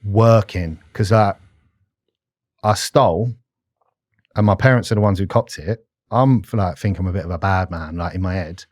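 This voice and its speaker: A man's voice: deep voice, normal speed, darkish tone, dry recording, clean studio sound. A British man in his thirties, a podcast guest talking bluntly and candidly in conversation. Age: 30s. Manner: blunt and candid, often says mate.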